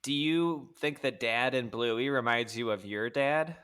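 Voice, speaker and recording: A man's voice: mid-range voice, unhurried, fairly bright tone, smooth. A man hosting a casual podcast chat, asking questions in a playful, mock-serious way. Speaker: podcast host.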